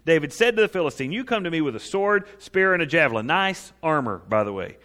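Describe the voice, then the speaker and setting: A male pastor preaching a sermon, emphatic, swinging between loud raised declarations and quiet low asides. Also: big pitch swings, fast talker, hardly any pauses. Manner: emphatic, rising to loud high-pitched proclamation then dropping low. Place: church sanctuary. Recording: reverberant hall.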